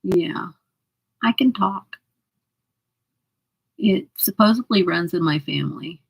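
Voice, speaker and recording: A woman's voice: on the low side, slow pace, vocal fry, husky, low-quality recording. A woman hosting a casual makeup livestream, laughing often as she chats and answers viewer comments. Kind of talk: casual livestream chat while doing makeup.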